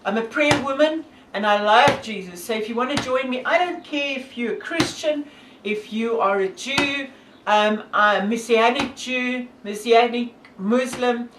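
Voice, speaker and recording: South African woman, fairly high voice, earnest devout vlog talk, rambling, echoey far-off sound, faint hiss. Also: a little slow. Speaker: hiker and vlogger. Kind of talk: casual talk to camera.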